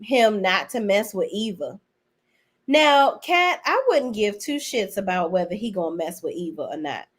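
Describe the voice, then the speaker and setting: A woman giving a casual, blunt and profane recap of TV episodes, chatting straight to her viewers. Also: mid-range voice. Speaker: TV show reviewer.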